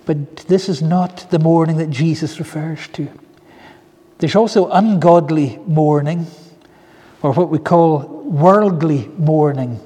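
Speaking slowly in a fairly high, mellow and husky voice, a pastor preaches a sermon whose sincere storytelling is sprinkled with soft asides. The recording carries the lengthy reverb of a big hall.

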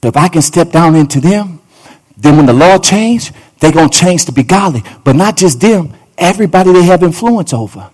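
A man's voice: fairly high pitch, expressive, brisk, darkish tone, breathy edge. A male pastor preaching a fervent sermon in a church, repeating phrases and talking straight to the congregation. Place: church sanctuary.

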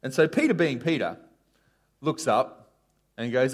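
A man preaching a casual sermon, telling a story with sharp rises and drops in his voice. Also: mid-range voice, measured pace, long pauses, breathy edge. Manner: animated storytelling, voice rising and falling sharply.

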